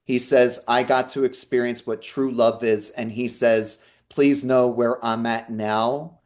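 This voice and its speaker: Guy on a video call doing a medium reading, earnest, reassuring, middle pitched voice. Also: level tone, measured pace, a little mellow. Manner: earnest, reassuring, relays messages in quotes. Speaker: psychic medium. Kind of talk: live online talk and reading.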